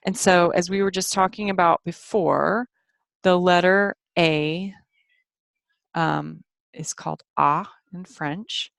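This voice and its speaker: A woman's voice: deep voice, fairly even intonation, slow pace, vocal fry, no room sound. A woman teaching French phonics in a patient screen-share lesson, repeating sounds so learners can follow along.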